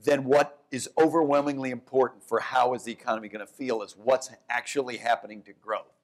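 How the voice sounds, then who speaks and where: Animated male economist guest. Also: medium pitch. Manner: animated, talks in quick bursts, restarts and corrects himself. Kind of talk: onstage conversation.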